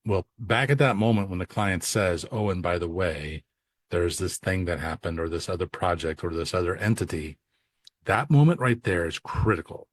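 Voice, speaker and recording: A podcast co-host and accounting coach talks casually, acting out client phone calls as he tells animated stories. His voice is low and moves at a normal speed. The recording is studio quality with no echo.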